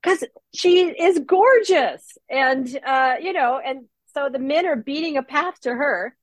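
Wry woman, quick to laugh. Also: high-pitched, dry recording. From Los Angeles. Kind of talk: casual chat.

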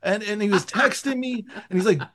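A man with a somewhat high voice tells a story in an animated, rambling way. He restarts his sentences and fills them with fillers, like a guest chatting casually on a podcast. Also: fairly quick.

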